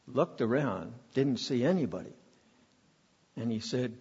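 Storytelling pastor in echoey hall. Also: male voice, mid-range voice, a little slow, a little mellow, slightly rough. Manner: storytelling, leads congregation in reading aloud. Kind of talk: sermon. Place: church sanctuary. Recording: dull, lo-fi sound with long hall reverb.

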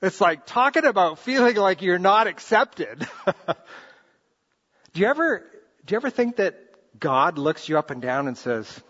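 Middle-aged male pastor, bright high delivery, animated and earnest, dull recording in a reverberant hall. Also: measured pace, pauses often. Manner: earnest, animated preaching with repeated restarts. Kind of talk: sermon. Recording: reverberant hall, muffled lo-fi sound.

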